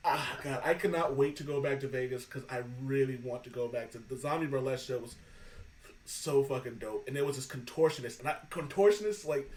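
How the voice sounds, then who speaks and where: A man's voice: medium pitch, fairly quick, recorded from a distance, poor audio. Off-mic man telling stories, loose and profane. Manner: animated storyteller, swears freely, laughs a lot. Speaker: podcast host. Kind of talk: casual chat.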